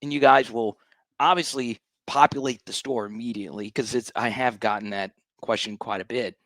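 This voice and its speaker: A man's voice: mid-range voice, steady tone, normal speed, a bit bright, no room sound. A man hosting a sports fan livestream, ranting in a fired-up, hyped way and repeating lines for emphasis. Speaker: sports show host.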